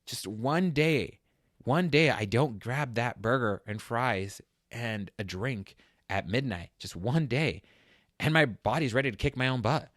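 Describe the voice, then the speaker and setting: A man's voice: medium pitch, animated, measured pace, dry recording, studio quality. A man hosting a fitness talk show, speaking earnestly and personally, getting worked up as he tells his own story. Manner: earnest and emotional, gets loud and worked up retelling a struggle. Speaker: fitness podcast host.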